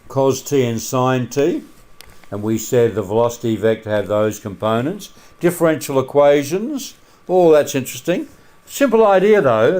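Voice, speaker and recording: A man teaching a maths lesson over a screencast in a relaxed way, with many filler sounds and questions put to the students. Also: mid-range voice.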